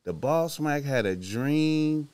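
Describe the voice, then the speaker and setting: A man streaming to his chat, rambling through a profane, slangy story that drops to low mumbles and jumps to loud outbursts. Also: lively intonation, slow pace, smooth. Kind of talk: casual rambling monologue.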